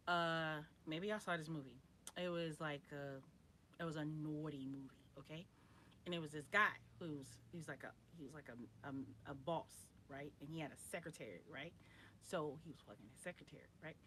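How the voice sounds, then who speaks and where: A woman's voice: low-pitched, pushed and bright, a little hiss or hum. A young adult woman hosting a live stream, chatting frankly and directly with her viewers. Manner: chatty, talks straight to viewers, frank about sex. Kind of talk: casual live stream chat.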